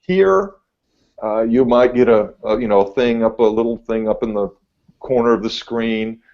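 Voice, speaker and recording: A laid-back man, a TV meteorologist, telling a story on a podcast, getting animated as he goes. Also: mid-range voice, moderate pace. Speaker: TV meteorologist guest. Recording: dull lo-fi audio.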